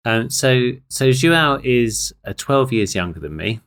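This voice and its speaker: A man's voice: medium pitch, animated, unhurried, a bit bright. A middle-aged man with an English accent, a podcast guest chatting on a remote call and telling his story in a friendly, self-deprecating way. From England. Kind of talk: casual chat.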